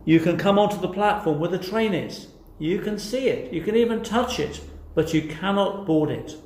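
A man's voice: high-pitched, expressive, moderate pace, darkish tone. A man preaching a sermon, earnest and emphatic, putting rhetorical questions to his listeners. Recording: echoey room.

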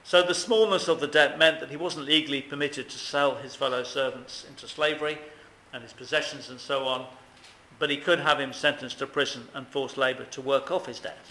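Earnest preacher in an echoey hall. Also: male voice, medium pitch, fairly even intonation, fairly quick, bright, forceful tone, a little hiss or hum. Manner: earnest, questioning, emphatic. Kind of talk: sermon.

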